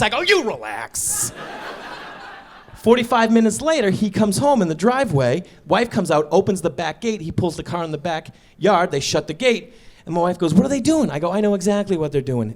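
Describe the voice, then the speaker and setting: A man in his thirties doing stand-up storytelling on stage, acting out dialogue and shouting his punchlines. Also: high-pitched. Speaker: stand-up comedian. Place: stage before a live audience.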